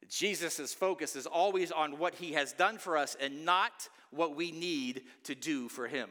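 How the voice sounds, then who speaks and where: A man preaching an Easter sermon as a pastor, swinging into loud pleading outbursts between quieter stretches. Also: fairly high pitch, unhurried, few pauses. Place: church sanctuary. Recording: long church reverb.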